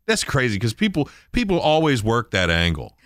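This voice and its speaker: A man's voice: mid-range voice, huge pitch swings, normal speed, fairly bright tone, no echo, clean studio sound. A middle-aged man hosting a radio show, chatting casually and telling stories. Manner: chatty, storytelling.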